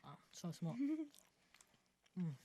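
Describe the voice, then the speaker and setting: A man's voice: slow, mellow, a little hiss or hum. A man co-hosting a podcast, joking casually while mumbling through food. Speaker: podcast co-host. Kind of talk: casual banter during an eating challenge.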